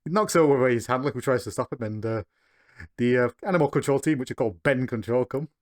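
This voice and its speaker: A man's voice: medium pitch, quick pace. A man co-hosting a podcast, recapping a cartoon episode in casual chat and chuckling between beats.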